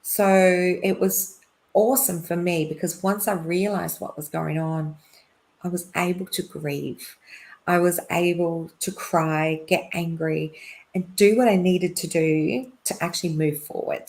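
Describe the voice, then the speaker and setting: A middle-aged woman, a podcast guest, telling a personal story in a chatty way, with lots of fillers and quick laughs. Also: fairly low pitch, steady tone, a little mellow. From Australia. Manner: chatty, laughs often, many fillers and restarts.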